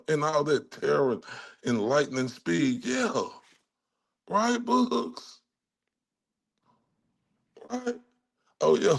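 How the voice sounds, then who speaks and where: A man's voice: fairly high pitch, creaky. A man from Dallas, Texas, hosting a livestream and delivering a furious rant full of profanity. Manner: furious, heavily profane ranting. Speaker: livestream host.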